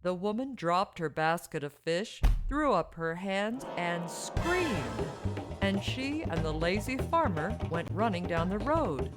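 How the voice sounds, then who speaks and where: Children's storyteller: expressive sing-song woman narrator over music. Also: lowish voice, takes it slowly. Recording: music bed behind.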